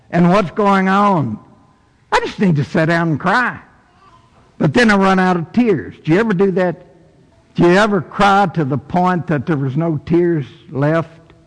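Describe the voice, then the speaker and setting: An older man delivers a sermon as pastor, his voice pitched high and his delivery unhurried. He swings between loud, high-pitched exhortation and quiet, low passages. The room rings with a long hall reverb.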